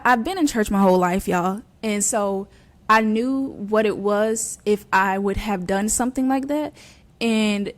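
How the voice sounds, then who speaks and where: Young adult woman, host, earnest conversational testimony, mid-range voice, loose and chatty. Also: medium pitch. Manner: earnest and conversational, many fillers. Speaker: podcast host. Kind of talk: personal faith testimony.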